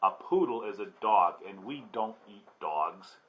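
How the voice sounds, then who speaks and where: A man's voice: on the low side, animated, measured pace, pitched below the performer's own voice. A man voicing a stern but kind mother cat who scolds firmly, in a storybook read-aloud. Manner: scolding and firm. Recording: dull lo-fi recording.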